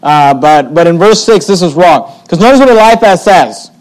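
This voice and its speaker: Male preacher with a high voice, emphatic sermon delivery. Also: lively intonation, moderate pace, low-quality recording. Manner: emphatic, repeats points, reads old scripture aloud.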